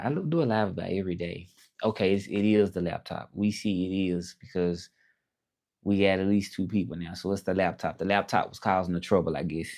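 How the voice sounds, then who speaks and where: A man's voice: on the low side, darkish tone. A man with a Southern accent from Memphis, chatting loosely on a livestream and greeting viewers from his laptop. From Memphis, Tennessee. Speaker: livestream host. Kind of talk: casual livestream chat. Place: indoors at a laptop.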